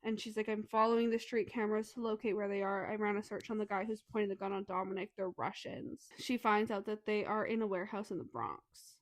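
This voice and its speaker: A woman co-hosting a casual book podcast, retelling a story's scenes with lots of swearing and quick acted-out dialogue. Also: medium pitch, no echo. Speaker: podcast co-host. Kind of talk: casual book review chat.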